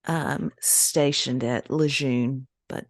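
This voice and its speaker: A middle-aged woman, co-hosting a podcast and telling a story in casual chat, animated and laughing as she acts out the voices she quotes. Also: a bass voice, takes it slowly, vocal fry, no echo, clean studio sound. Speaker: podcast co-host.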